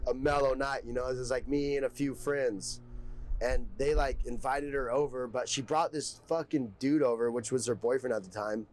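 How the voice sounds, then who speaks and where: A man's voice: mid-range voice, steady tone, normal speed, a little mellow, poor audio. Profane rambling young man storyteller. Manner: profane, rambling, heavy filler words. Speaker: podcast guest. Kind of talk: casual storytelling.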